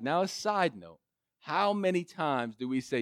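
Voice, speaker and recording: A male preacher with a high voice tells a scripture story in an animated way, his pitch swinging widely. The sound is dry and close, with no room echo. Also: normal speed. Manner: animated retelling, frequent restarts. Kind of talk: sermon storytelling.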